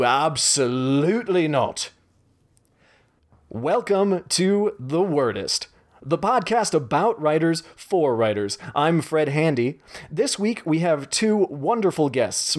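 A man reading his own short story aloud in a brisk, deadpan manner. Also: fairly high pitch.

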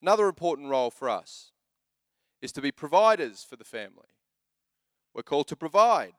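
Animated joking male pastor. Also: a little high, brisk, dry recording, studio quality. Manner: animated, joking storyteller who shifts into exhortation. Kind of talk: sermon.

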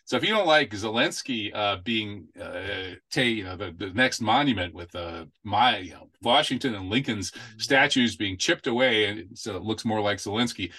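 A male host leads a casual political talk show in a low, pushing voice. He is chatty and wry and likes a pun. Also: animated, moderate pace, few pauses, pushed and bright. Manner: chatty and wry, makes puns.

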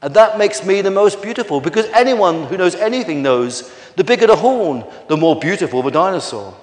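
A man's voice: high voice, lively intonation, brisk, echoey room, big-room sound, voice pushed up. A man voicing a proud, boastful female triceratops in a children's story.

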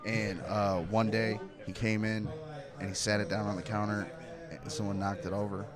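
A man's voice: fairly low pitch, level tone, normal speed, over music. Laughing man telling rambling stories. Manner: rambling storyteller, laughs often, swears. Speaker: comedian on a podcast panel. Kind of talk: casual chat. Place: pub.

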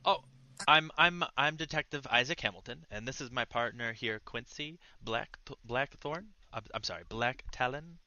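Man in tabletop role-play, very bright tense tone, muffled lo-fi mic. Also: medium pitch, moderate pace, dry recording. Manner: eager, stammering restarts. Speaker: player voicing a detective.

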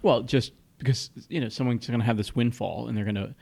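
A man speaking in casual chat at a middling pitch, feeling his way through sentences with pauses and restarts. His tone stays relaxed and conversational. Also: vocal fry. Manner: hesitant, many fillers and restarts.

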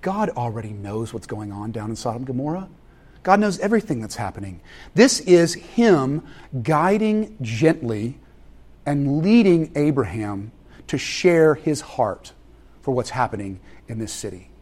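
A man in his thirties preaching a sermon, animated and storytelling, acting out scenes from home. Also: medium pitch, measured pace. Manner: animated, acts out family scenes with voices. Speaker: pastor.

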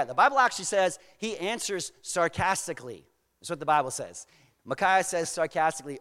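High-voiced casual preacher. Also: male voice, animated, a little fast, fairly bright tone, in a large hall. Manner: casual, paraphrasing with slang. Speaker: pastor. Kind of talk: sermon storytelling.

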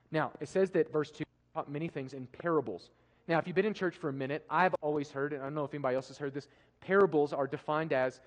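A man preaching a sermon, emphatic, swinging from loud declarations to hushed passages. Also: on the high side. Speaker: pastor. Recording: live preaching with long hall reverb.

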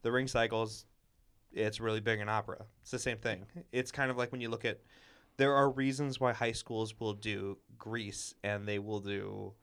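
A man's voice: lowish voice, little pitch movement, moderate pace, fairly bright tone, clear, resonant tone. A man co-hosting a podcast, chatting casually about musicals in a wry, rambling way full of asides. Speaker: podcast co-host.

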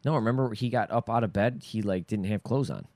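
A man's voice: lowish voice, brisk, darkish tone, dry recording. A man casually chatting about a movie with a friend, swearing and saying "dude" often. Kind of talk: casual movie recap chat.

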